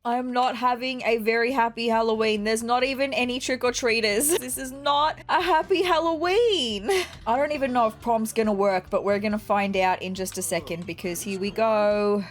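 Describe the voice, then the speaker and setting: A woman with a fairly high voice chats her way through a video game, talking directly to her viewers. She is openly emotional and sometimes sounds close to tears. Soft music plays faintly behind her. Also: moderate pace. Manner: chatty, addresses viewers directly, emotional, near tears at times. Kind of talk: casual gameplay commentary.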